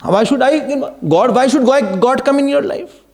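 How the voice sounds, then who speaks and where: A spiritual teacher with a very high-pitched, darkish voice gives an impassioned devotional discourse at normal speed. He pleads with and exhorts his listeners, weaving in Hindi verses and pleading cries.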